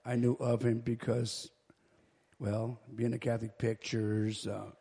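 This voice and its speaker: A man in a church study group, sharing his own reflections in a halting way. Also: mid-range voice, level tone, dark tone, slightly rough.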